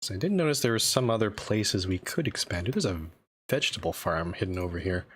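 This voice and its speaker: A man's voice: lowish voice, animated, quick pace, fairly bright tone, a little hiss or hum. A man streaming a strategy game, chatting casually and self-deprecatingly with lots of restarts. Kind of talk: casual live-stream commentary.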